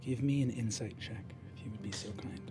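A man narrating as game master of a tabletop game, speaking in animated and then hushed tones. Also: medium pitch, brisk, soft background music. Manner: animated narration that sinks to a hushed near-whisper.

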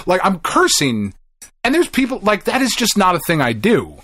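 Animated, swearing man telling a story. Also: sits high, brisk, dry recording, studio quality. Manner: animated storytelling, swearing, acting out quoted people. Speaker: podcast co-host. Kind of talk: casual podcast chat.

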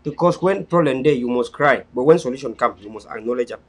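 A man with a Cameroonian Pidgin English accent giving an impassioned live-stream address, repetitive and preachy, swinging between loud pleas and low murmurs. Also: animated, fast talker.

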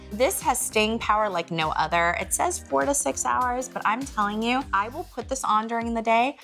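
A woman's voice: a little high, expressive, moderate pace, hardly any pauses, fairly bright tone, soft background music. A woman in her forties hosting a casual lifestyle vlog, chatty and gushing as she shows off her favorite things. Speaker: vlog host.

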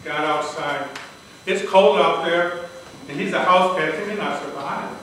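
A man's voice: a little high, a little slow, a bit bright, a little hiss or hum. An older man giving a prepared speech at a speech contest, telling a personal story in an earnest, dramatic way, picked up by a distant mic in a large hall. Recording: echoey hall from far off, faint ambience.

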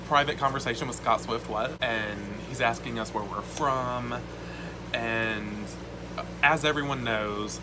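A man telling a story to camera in casual vlog style, excited and swearing often, with lots of "like". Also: mid-range voice, background noise. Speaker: vlogger.

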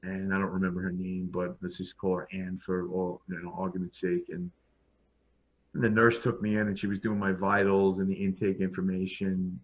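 A man's voice: deep voice, flat delivery, moderate pace, husky. A man telling his personal story as a podcast guest, blunt and frank, often restarting his sentences. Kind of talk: personal storytelling in a casual interview. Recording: dull lo-fi sound.

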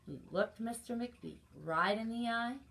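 At children's story time, a female librarian reads from a picture book with plenty of expression, adding small comments for the children. Her voice is fairly high and creaky, and she takes an unhurried pace.

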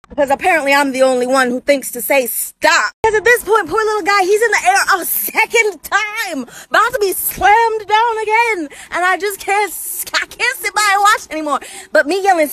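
A woman with a very high, bright-pitched voice tells a comic story. She exclaims and acts out each moment in an animated storytime manner. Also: slight background noise.

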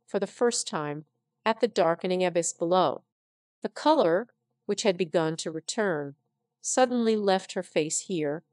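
A synthetic-sounding woman narrating a story in an even, unhurried reading voice. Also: mid-range voice, no room sound. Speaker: audiobook narrator. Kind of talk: scripted narration.

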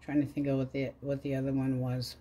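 A woman's voice: very deep voice, completely flat delivery, brisk, dark tone, a little hiss or hum. Chatty middle-aged woman tarot reader. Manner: chatty, wry, swears freely. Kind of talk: casual rambling chat.

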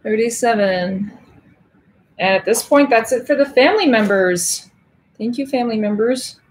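A woman's voice: fairly high pitch, lively intonation, moderate pace. Chatty woman hosting a casual livestream. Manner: chatty, laughs often, counts cards aloud while working. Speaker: livestream host.

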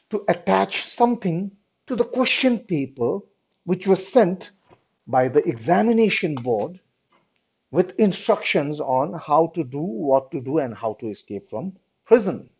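Male teacher, slightly high voice, reads then explains, keeps asking "all right?"; muffled lo-fi audio. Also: a little mellow, breathy edge. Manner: checks in with "all right" often. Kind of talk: reading and explaining a story to students. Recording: dull lo-fi recording.

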